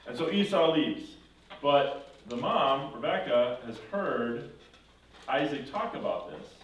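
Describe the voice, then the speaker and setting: A man's voice: mid-range voice, takes it slowly. A man teaches a confirmation class, retelling a story with animation and breaking into character voices. He is recorded from a distance in a strongly reverberant room. A faint hiss sits underneath. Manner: animated retelling, acting out characters, self-correcting. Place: church classroom. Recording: echoey room from far off with faint noise.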